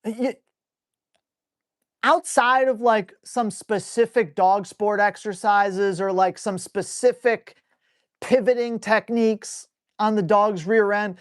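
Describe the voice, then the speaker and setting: A man's voice: high-pitched, no echo, studio quality. A man hosting a live stream Q&A on dog training, who reads viewer questions aloud and answers in a blunt, casual, salty way.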